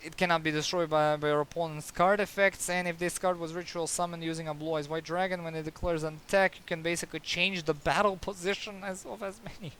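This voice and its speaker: A man's voice: a little high, steady tone, fast talker, hardly any pauses, a bit bright, a little hiss or hum. A man giving a casual card game review, sarcastic and exasperated, with many fillers and restarts.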